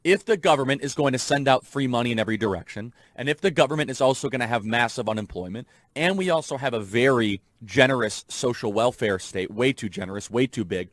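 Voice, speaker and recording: A man's voice: medium pitch, animated, fast, few pauses, a bit bright, no echo. A man giving political opinion commentary in an indignant, lecturing way.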